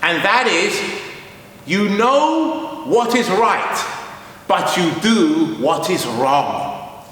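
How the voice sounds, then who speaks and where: A man voicing a calm, knowing wise old woman who lectures slowly. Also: high voice, heavy reverb, in a large hall, recorded from a distance, exaggerated voice. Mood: lecturing. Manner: slow, lecturing.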